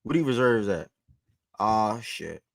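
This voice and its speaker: A man in his twenties hosting a casual sports talk show, animated, swearing and talking straight to viewers. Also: lowish voice, unhurried, creaky, no room sound, studio quality. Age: 20s.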